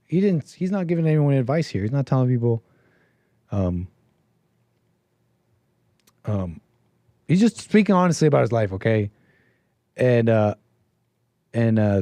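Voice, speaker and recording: A man's voice: mid-range voice, mellow, no room sound. Opinionated man ranting on a stream. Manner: opinionated, rambling, rhetorical questions. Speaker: livestream host. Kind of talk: casual commentary stream.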